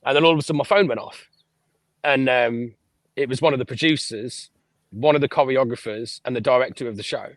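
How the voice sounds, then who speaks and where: A man, a podcast guest telling lively stories about his life and swearing freely. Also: mid-range voice, a little fast, dry recording. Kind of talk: casual storytelling interview.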